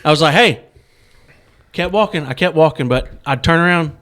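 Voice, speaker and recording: A man co-hosting a podcast, telling a story in casual chat and acting out the lines he yelled. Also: a little high, fast. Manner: animated storyteller acting out his own yelling. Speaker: podcast co-host.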